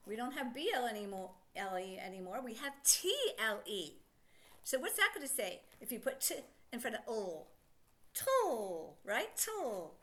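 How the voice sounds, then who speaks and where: A high-voiced woman teaching a children's phonics lesson, her pitch swinging up and down as she sounds out syllables slowly. She keeps the children involved with a steady run of encouraging questions, and her tone is clear and bright. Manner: encouraging, asks many questions.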